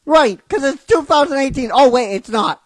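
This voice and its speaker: A woman hosting a show, ranting in excited disbelief, swearing and laughing. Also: high voice, moderate pace. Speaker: host. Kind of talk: casual ranting commentary.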